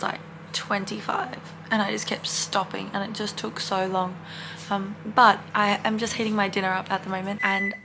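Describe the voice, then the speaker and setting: A sick young woman with an Australian accent, chatting casually to camera in a rambling vlog full of fillers, sounding hoarse and worn out. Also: mid-range voice, background noise. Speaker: vlogger.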